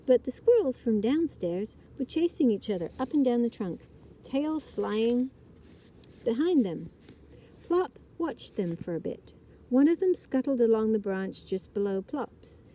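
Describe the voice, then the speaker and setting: Expressive woman reading a children's story. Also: a little high, unhurried, low-quality recording. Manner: gentle, expressive. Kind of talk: reading a children's book aloud. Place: outdoors in a hammock.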